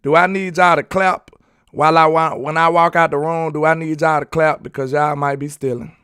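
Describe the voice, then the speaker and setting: A man's voice: fairly high pitch, fairly even intonation, a little fast, a bit bright, smooth, no room sound, studio quality. A man hosting a casual live sports talk stream, rambling loosely, chatting with viewers and laughing often. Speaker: sports talk show host.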